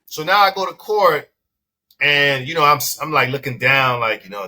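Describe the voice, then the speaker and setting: Bright-toned New man telling a story. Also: fairly high pitch, normal speed. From the Bronx, New York. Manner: animated storyteller who acts out both sides of a dialogue, swears freely. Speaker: dispensary owner, podcast guest. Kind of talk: storytelling in a casual interview.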